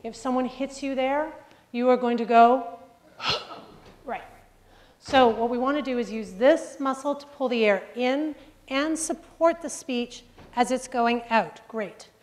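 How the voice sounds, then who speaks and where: A woman coaching a group through breathing exercises in a live workshop, upbeat, joking and directive. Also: high-pitched. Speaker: presentation skills coach. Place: large room with a group. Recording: reverberant hall sound.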